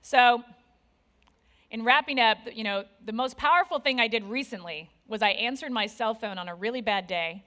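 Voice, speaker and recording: A woman in her forties giving a candid, self-deprecating conference talk on stage, with lively asides to the audience. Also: on the high side, moderate pace. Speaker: conference speaker.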